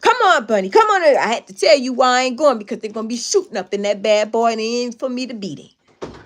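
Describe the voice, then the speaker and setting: A woman's voice: fairly high pitch, quick pace, slight background noise. Emphatic woman telling a story. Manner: emphatic, repetitive, animated retelling. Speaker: live streamer. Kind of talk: casual storytelling to viewers.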